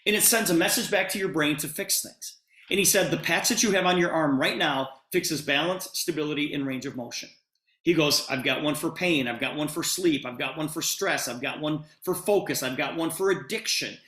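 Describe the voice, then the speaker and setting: A man's voice: fairly high pitch, brisk, sharp tone, roomy sound. A man giving a sales presentation, retelling a conversation with lots of quoted dialogue. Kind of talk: storytelling sales pitch.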